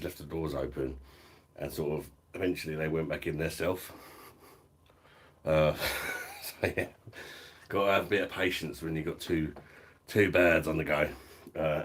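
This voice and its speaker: His voice is very deep, a bit bright and slightly rough. He's a middle-aged beer reviewer streaming live from home, chatting casually, swearing, laughing frequently and reading the chat out loud.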